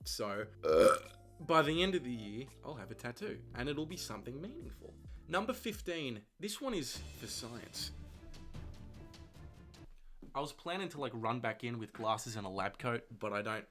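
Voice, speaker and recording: A young man talks straight to camera in a comic vlog monologue. His voice sits in an ordinary middle pitch. He keeps it self-mocking and peppered with crude jokes. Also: fairly bright tone. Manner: self-deprecating, crude jokey asides. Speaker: vlogger.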